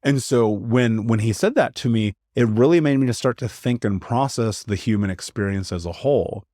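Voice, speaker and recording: This podcast guest, a man in his thirties, speaks in a mid-range voice with a dark tone at a moderate pace. Earnest and emphatic, he leans on "like" a lot while sharing a painful personal story, recorded in studio quality with no room sound.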